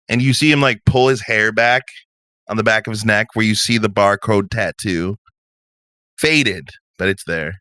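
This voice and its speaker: A man's voice: on the low side, moderate pace, pushed and bright, no room sound, studio quality. A man narrating a tabletop role-playing game as game master, in a casual, conversational way.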